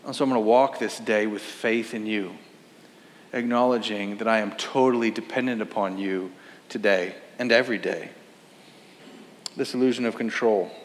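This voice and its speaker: A man's voice: medium pitch, a bit bright. A man, a pastor, preaching a sermon in earnest with rhetorical questions. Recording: reverberant hall.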